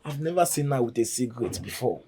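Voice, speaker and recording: An actor voices an anxious young Nigerian man who speaks softly and earnestly. His voice is mellow and dark-toned. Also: medium pitch, animated, fast talker, roomy sound, a little hiss or hum, close to an everyday voice. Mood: worried. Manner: soft, earnest, worried. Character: devoted young boyfriend, anxious and tender. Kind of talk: film drama dialogue.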